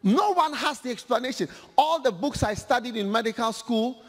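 A male preacher giving an animated, humorous sermon, acting out scripture in a large hall. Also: very high-pitched, moderate pace. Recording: long hall reverb.

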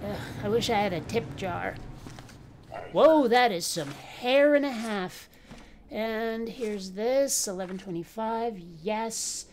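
A woman's voice: medium pitch, slow pace, a little mellow, a little hiss or hum. A woman giving casual let's play commentary, bantering sassily with the characters on screen. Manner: playful, sassy banter with game characters.

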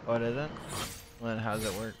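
A man's voice: medium pitch, steady tone, fast talker, background noise. A young man playing a video game while he streams, swearing and mocking his own play in casual profane chat. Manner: frustrated, swearing, self-mocking. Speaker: gamer streaming himself. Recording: game music behind. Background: game music.

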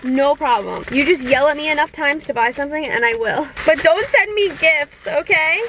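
A young woman in her twenties chatting casually to her viewers as she opens gifts, gushing and gasping with excitement. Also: sits high, moderate pace, slight background noise, low-quality recording. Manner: gushing, excitable, gasps often. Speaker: vlogger. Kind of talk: casual unboxing chat.

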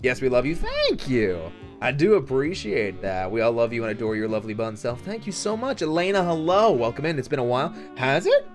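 A man hosting a streamed café roleplay, playful and flirty, who often squeals high and laughs. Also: wildly swooping pitch, brisk, hardly any pauses, soft background music. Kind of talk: casual live-stream chat and café roleplay.

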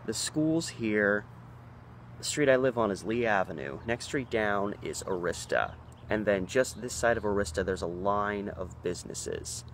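Rambling low-voiced man telling stories. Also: measured pace, a little hiss or hum. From Oregon, USA. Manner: rambling, animated when excited, many fillers. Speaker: local history vlogger. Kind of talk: casual storytelling.

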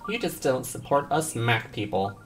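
A man's voice: medium pitch, moderate pace, music in the background. A man streaming a video game live, chatting casually with viewers, joking and swearing often. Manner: animated, swears often, jokes with chat.

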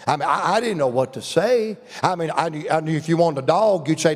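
Older southern guy preaching, high voice, long church echo, folksy and funny then fired up. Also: a little fast, few pauses. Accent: Southern American. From American South. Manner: folksy, humorous, rising to fervent preaching. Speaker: revival preacher. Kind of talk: storytelling sermon. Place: church sanctuary.

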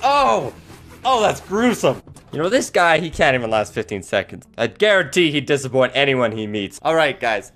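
A man's voice: on the high side, very animated, moderate pace, a bit bright. A man doing comedic gameplay commentary as a YouTuber, joking around with frequent voice cracks. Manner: jokey, prone to voice cracks. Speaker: gaming YouTuber.

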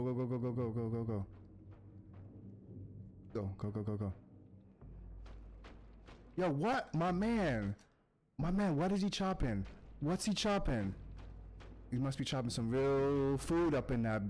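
A man from the United States giving excitable gameplay commentary, talking to the characters on screen and chanting quick urges to keep going. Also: medium pitch, a little hiss or hum. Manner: excitable, talks to the game characters, chants urgent repeats. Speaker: gaming YouTuber.

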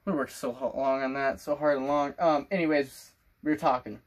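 A man's voice: medium pitch, steady tone, moderate pace. A sixteen-year-old boy vlogging casually to camera, rambling and playful in a loose made-up accent. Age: teens. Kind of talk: casual vlog talk to camera.

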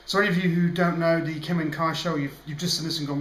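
A man's voice: fairly high pitch, steady tone, quick pace, loud music behind the voice. A tired young man co-hosting a show, rambling cheekily through a casual home vlog with lots of ums. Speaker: vlogger, show co-host. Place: home indoors. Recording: echoey room, faint hiss.

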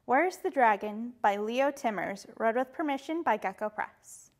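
Woman librarian, rhyming read-aloud, high, slow. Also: animated, a little hiss or hum. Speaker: children's librarian.

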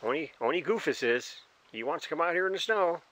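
A man's voice: lively intonation, brisk, a bit bright. A man casually narrating a home video outdoors in his snowy yard, rambling on and chatting to his dog. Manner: rambling, chatty, talks to his dog in a high sing-song voice. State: cold, fingers freezing. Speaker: vlogger.

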